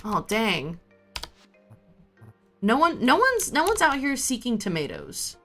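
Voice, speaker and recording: A woman streamer rambles to her chat in an unhurried, easygoing way, her pitch rising and falling a lot as she talks. Soft game music plays faintly behind her voice. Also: wildly swooping pitch. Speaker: livestreamer. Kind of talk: casual chat while gaming.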